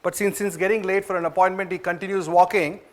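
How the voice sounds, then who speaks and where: An Indian man with a high voice and an Indian English accent, giving a motivational management talk. He tells his story in a chatty way, pauses with fillers and checks in with the audience with quick questions. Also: little pitch movement. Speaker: speaker at a management training event.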